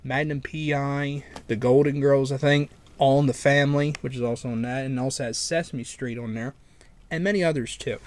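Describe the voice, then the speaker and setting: A man's voice: medium pitch, steady tone, moderate pace, darkish tone, slight background noise. A man casually showing his collection, talking in a rambling, easygoing way. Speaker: vlogger. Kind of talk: casual show-and-tell.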